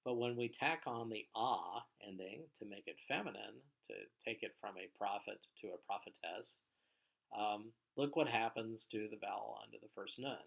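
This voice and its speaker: Male language teacher, lowish voice, patient explanatory lecture delivery with frequent uhs. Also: moderate pace, vocal fry, fairly bright tone. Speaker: Hebrew teacher. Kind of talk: recorded vocabulary lecture.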